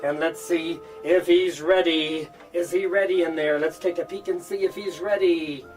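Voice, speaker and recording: A man teaching a children's magic routine as a demonstration. He is animated and playful, with frequent mock-surprised "oh, oh" and "uh-oh" exclamations, and talks as if to children. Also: fairly high pitch, moderate pace, recorded from a distance, faint music behind.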